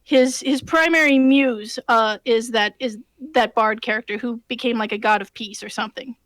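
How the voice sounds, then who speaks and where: High-voiced woman telling a game story. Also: moderate pace, no echo. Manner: animated, many fillers and restarts. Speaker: game master. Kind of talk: casual storytelling.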